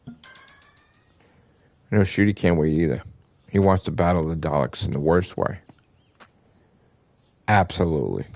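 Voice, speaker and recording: Speaking to camera on his own gaming channel, a man with a low, darkish voice talks at normal speed and pauses often. His excited fan rant is emphatic and profane, full of repetition for emphasis, in lo-fi sound with no room echo.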